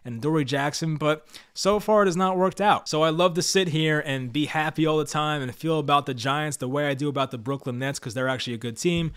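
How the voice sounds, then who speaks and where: A man with a fairly high-pitched voice delivers opinionated sports commentary. He is blunt and frustrated, speaking straight to his viewers as the regular voice of his own channel. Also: brisk, hardly any pauses, a bit bright, smooth. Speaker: sports commentator, Giants fan channel host. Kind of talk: opinionated scripted commentary to camera.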